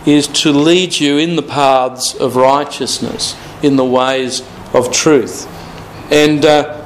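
Male preacher, slightly high voice, deliberate and repetitive, drawn-out scripture reading. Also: slight background noise, rough recording. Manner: slow and deliberate, repeating key phrases, stretching scripture quotes. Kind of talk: Bible teaching sermon.

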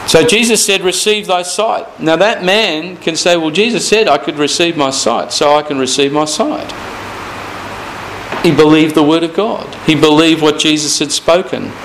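A man preaching a sermon, slowing down and repeating scripture phrases for emphasis. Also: on the high side, a bit bright, slight background noise, rough recording. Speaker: pastor.

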